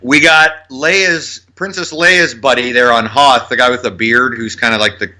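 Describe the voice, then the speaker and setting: A man's voice: mid-range voice, fairly even intonation, normal speed, bright, forceful tone. A man co-hosting a casual film podcast, talking loosely, swearing now and then and rattling off cast trivia. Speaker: podcast co-host.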